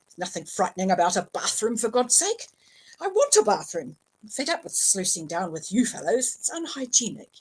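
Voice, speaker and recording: A woman reading aloud, voicing a blustering, bossy older male wizard who talks loud and firm. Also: medium pitch, big pitch swings, brisk, husky, poor audio.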